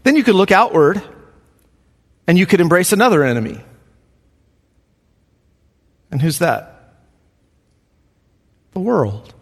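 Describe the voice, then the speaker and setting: A man's voice: high voice, big pitch swings, normal speed, long reverb tail. A man preaching a sermon. He talks earnestly and repeats questions for emphasis. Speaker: pastor.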